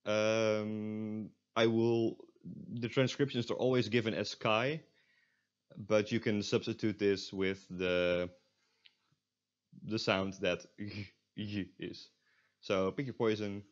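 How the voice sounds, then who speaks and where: Young dutch guy teaching sounds, kinda low voice, lots of ums, dull lo-fi audio. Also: level tone, slow pace. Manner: hesitant, lots of fillers and restarts, demonstrates sounds. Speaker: Dutch language tutor. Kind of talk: informal recorded lesson.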